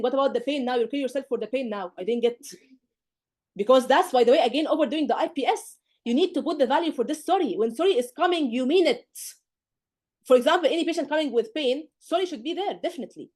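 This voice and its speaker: Fast-talking emphatic woman tutor. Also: high voice, a little mellow. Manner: emphatic, scolding, rhetorical questions, acts out student mistakes. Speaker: medical exam tutor. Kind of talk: live online lecture.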